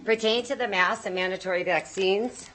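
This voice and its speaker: A woman's voice: medium pitch, fairly even intonation, a little fast, fairly bright tone, slight background noise, poor audio. A woman giving a prepared public comment as a parent, earnest and pleading, nervous and choked up.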